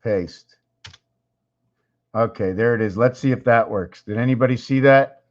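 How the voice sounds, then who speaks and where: Speaking at a measured pace in a mid-range voice, this man hosts his own casual video and is clearly losing his voice. He thinks aloud and repeats himself as he clicks around, rambling like a livestreamer. The recording is dull and lo-fi.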